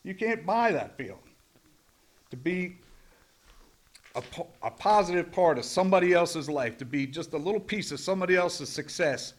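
Middle-aged man with a fairly high voice, plainspoken and swearing freely, telling a rambling recovery story. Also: lively intonation, normal speed. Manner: blunt, profane, rambling storyteller. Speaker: recovery meeting speaker. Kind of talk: personal recovery share.

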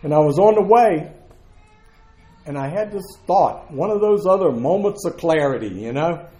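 Guy in his 50s sharing his story at a meeting, kinda high voice, roomy echo. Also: lively intonation, normal speed, dark tone. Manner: candid, conversational, earthy, laughs through the story. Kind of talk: personal testimony to a live audience.

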